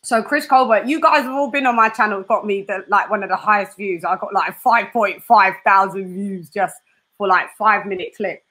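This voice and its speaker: A woman interviewing a guest in casual chat, animated and laughing often. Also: mid-range voice, moderate pace. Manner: animated, laughs often, does voices for quotes.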